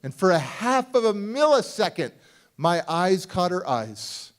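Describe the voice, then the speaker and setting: Man telling a story on stage, hushed to loud. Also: high-pitched, very animated, measured pace. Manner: acts out voices of people in his story, swings from hushed to shouting. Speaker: motivational speaker. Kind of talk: dramatic storytelling keynote. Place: large conference hall.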